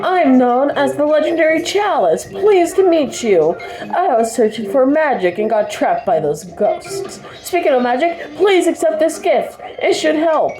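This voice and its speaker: A woman voicing a spirited female cup heroine from a cartoon game, lifting her voice higher and brighter than her own. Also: sing-song, measured pace, music in the background, rough recording. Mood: eager. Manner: bright and eager, pitched up.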